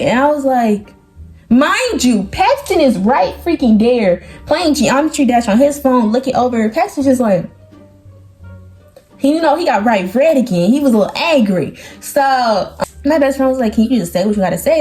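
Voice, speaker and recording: A teenage girl chatting through a storytime vlog, animated, quoting people by lowering or raising her voice. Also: normal speed, faint music behind. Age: teens. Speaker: vlogger.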